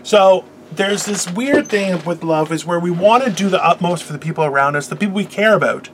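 A middle-aged man hosting a casual chat, telling stories in an animated, profane way. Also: high voice, fairly quick, a little hiss or hum. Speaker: podcast host.

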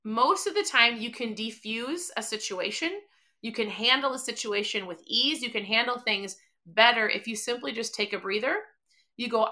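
A middle-aged woman hosting a podcast, giving an energetic motivational talk and acting out bits of dialogue. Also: a little high, normal speed. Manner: energetic, emphatic, acts out quoted dialogue. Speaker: podcast host.

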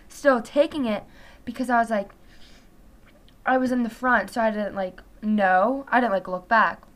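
Teen girl vlogger, high bright voice, rambling casual storytime, animated. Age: teens. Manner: chatty, heavy use of "like", animated retelling.

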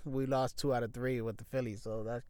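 A man's voice: mid-range voice, level tone, a little fast, a little mellow, no echo. A young man in a casual sports talk show, blunt and profane, rambling with restarts and slang. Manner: frequent restarts and fillers, loose slangy grammar.

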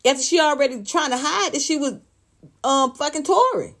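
A woman with a fairly high voice sounds off on celebrity news in a blunt, cussing, sarcastic vlog rant. She keeps firing rhetorical questions at the person she is talking about. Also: animated, moderate pace, fairly bright tone. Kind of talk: heated celebrity gossip commentary.

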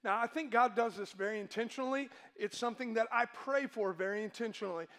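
A man's voice: extremely high pitch, fast talker, fairly bright tone. A male pastor preaching a sermon to his congregation, emphatic and asking them questions.

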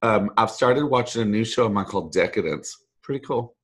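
A middle-aged man, a voice actor guest telling a long story in a rambling, animated way and acting out the people he quotes. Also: lowish voice, brisk, breathy edge. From Texas. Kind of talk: storytelling anecdote.

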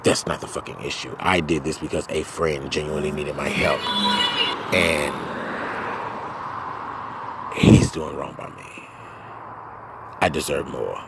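A man hosting a podcast, ranting angrily and profanely, swinging from low muttering to loud outbursts. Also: steady tone, unhurried, gravelly, long pauses, very noisy. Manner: profane, venting, swings between muttering and shouting. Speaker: podcast host. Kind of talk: angry solo podcast rant.

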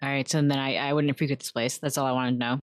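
A woman's voice: rumbling low, little pitch movement, quick pace, dry recording, studio quality. A woman playing a character in a tabletop game, blunt and playful. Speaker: player.

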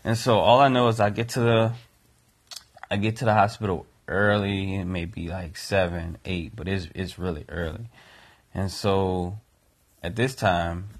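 A man's voice: deep voice, fairly even intonation, a little slow. A man co-hosting a podcast, earnestly recounting a personal family story. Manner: earnest, reflective. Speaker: podcast co-host and father.

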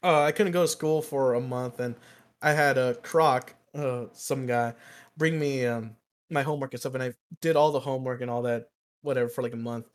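A man's voice: medium pitch, moderate pace. A young man co-hosting a podcast, telling a long story in casual chat, swearing and laughing as he goes. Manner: animated, profane, laughs through the story. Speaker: podcast co-host.

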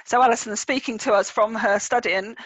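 A woman, a church rector, hosting a podcast with a measured, earnest delivery. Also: fairly high pitch, steady tone, fairly bright tone, dry recording. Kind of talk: scripted podcast introduction and interview. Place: quiet room, over a video call.

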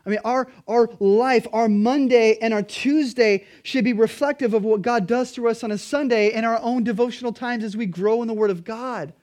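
Male pastor, higher voice, earnest emphatic sermon delivery. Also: moderate pace, few pauses. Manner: emphatic preaching, pleading then quietly earnest.

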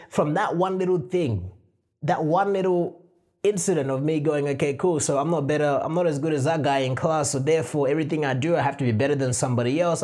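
Slangy, animated man with a husky voice. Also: on the high side. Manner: animated, slangy, acts out his own quotes with sound effects. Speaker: podcast host. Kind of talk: casual storytelling monologue.

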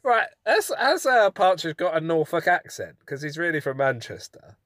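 An easygoing British man chatting and laughing along as a podcast co-host. His voice sits a little high and moves around a lot, and it is recorded dry and close. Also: sing-song, moderate pace, fairly bright tone, no echo. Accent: British English. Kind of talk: casual chat.

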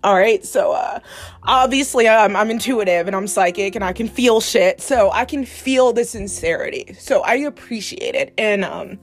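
A woman's voice: medium pitch, moderate pace. A woman who is a psychic medium, talking candidly in a casual monologue, swearing freely and laughing often. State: gets emotional, near tears. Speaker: psychic medium and podcast host.

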